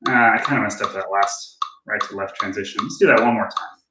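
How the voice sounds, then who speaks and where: A drum teacher with a lowish voice talks a little fast over loud music, giving a casual lesson where he thinks aloud and jokes about his own mistakes in a relaxed, self-deprecating way. He's in a room with a drum kit and a click track, and the roomy recording picks up drumming and clicks.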